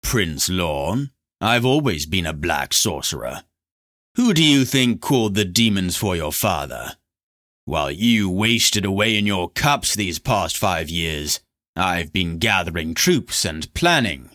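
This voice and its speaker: Guy doing a smug purring black sorcerer, mocking, bright sharp voice, storybook villain. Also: low-pitched, sing-song, slow pace, heavily acted. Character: scheming mocking male black sorcerer, silky.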